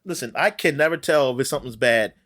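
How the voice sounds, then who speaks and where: A man's voice: medium pitch, quick pace, fairly bright tone. A man co-hosting a podcast in casual chat, jokey and swearing freely. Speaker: podcast co-host.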